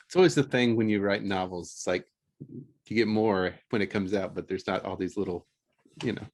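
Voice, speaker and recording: Man, lowish voice, podcast host, easygoing, laughs a lot. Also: a little fast. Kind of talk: casual round-table chat.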